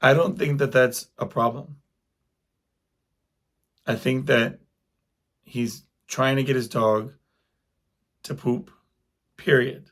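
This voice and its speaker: A man's voice: mid-range voice, fairly even intonation, slow pace, pauses often, a bit bright. A man hosting his own podcast, a working singer and guitarist, telling stories in a rambling, chatty monologue. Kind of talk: casual solo podcast monologue.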